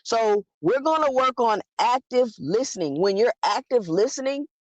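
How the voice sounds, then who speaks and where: A woman hosting a live stream, talking straight at her viewers in a blunt, argumentative way. Her pitch jumps around a lot as she makes her points. The sound is dry and close, with no room around her. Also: expressive, moderate pace, no echo. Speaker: livestream host. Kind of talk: live commentary talking to chat.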